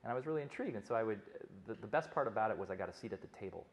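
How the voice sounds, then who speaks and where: A man's voice: lowish voice, animated, very fast. A middle-aged male physician giving a conference talk, telling stories conversationally with frequent restarts.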